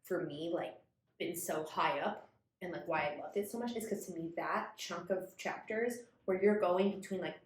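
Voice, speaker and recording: A woman's voice: on the low side, normal speed, roomy sound. A young woman co-hosting a podcast, gushing about a book in casual chat and saying "like" a lot. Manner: gushing, heavy use of "like" and "literally". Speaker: podcast co-host.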